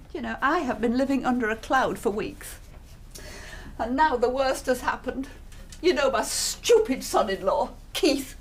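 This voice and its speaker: A woman's voice: fairly high pitch, measured pace, pauses often, lightly acted. An actress playing a self-pitying, middle-aged English widow reading out her letter, sighing and fussy, with an English accent. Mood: aggrieved. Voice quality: melodramatic, sighing, fussy and prim.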